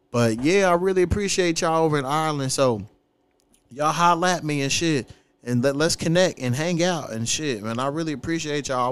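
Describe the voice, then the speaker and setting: A man in his thirties, hosting a casual podcast and talking in a profane, animated way with frequent laughs. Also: fairly high pitch, clean tone. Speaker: podcast host.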